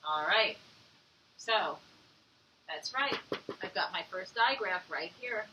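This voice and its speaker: A woman teacher giving an online phonics lesson to young children. She speaks encouragingly and sounds words out slowly. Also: mid-range voice, animated, sharp tone, distant mic, lo-fi sound, slight background noise.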